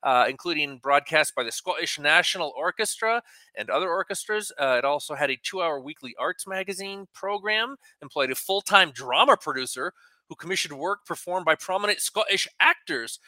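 Bright, slightly high male co-host. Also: animated, no room sound. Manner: chatty, reads facts off notes with quick asides and chuckles. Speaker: radio talk show co-host. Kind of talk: casual radio talk, reading news items.

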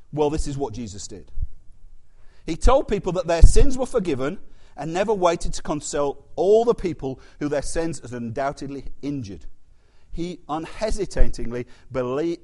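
Casting note: man playing an preacher with a high voice, lively and chatty in the pulpit, talks straight to the room. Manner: animated, conversational preaching with asides to the congregation. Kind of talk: sermon.

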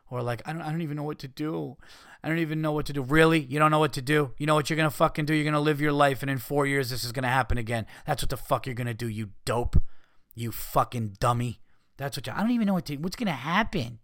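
A man hosting a podcast, ranting casually with heavy swearing and mocking people in put-on high voices. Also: a bit bright, dry recording, studio quality. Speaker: podcast host. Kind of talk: casual rant.

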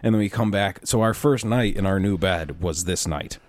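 This is a young man co-hosting a podcast, talking loosely and swearing with a fairly low voice. The sound is close and dry, with no room in it. He laughs through his own stories. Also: normal speed, dry recording. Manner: profane, storytelling, laughs often. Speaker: podcast co-host. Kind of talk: casual chat.

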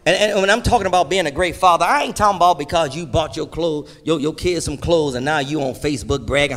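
A man's voice: a little high, fast talker, hardly any pauses, fairly bright tone. A middle-aged man preaching a sermon in an emphatic, folksy way, repeating his key phrases.

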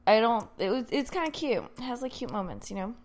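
A woman's voice: fairly high pitch, very animated, fast talker. A woman co-hosting a casual podcast, sounding tired but playful as she sticks up for bad movies. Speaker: podcast co-host. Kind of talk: casual chat.

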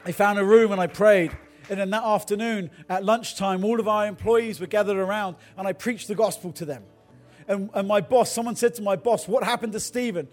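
A middle-aged man preaches with a fairly high voice, moving from easy personal stories into fervent exhortation. A faint music bed plays softly beneath his sermon. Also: fairly quick. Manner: storytelling, then builds to fervent exhortation. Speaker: pastor.

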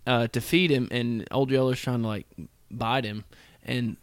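A man's voice: mid-range voice, fairly even intonation, a little slow, clear, resonant tone, dry recording. Young man, casual podcast co-host, rambles through stories with restarts, dry close sound. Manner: rambling storyteller with many restarts. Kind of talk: casual chat.

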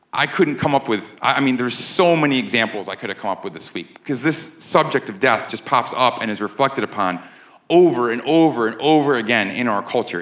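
Preaching to a live congregation in a church sanctuary, this pastor speaks conversationally and keeps asking the room "right?" His voice is medium-pitched and a bit bright, and the sound is reverberant.

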